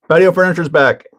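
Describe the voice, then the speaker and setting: A man hosting a hobby livestream in casual chat, joking, laughing often and answering chat as he builds a kit. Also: fairly high pitch.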